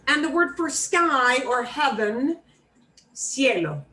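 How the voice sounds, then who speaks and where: A woman teaching a beginner Spanish class, modeling words slowly and repeating them for students. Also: high-pitched, big pitch swings, sharp tone, rough recording. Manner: slow, clearly modeled pronunciation with repetition drills.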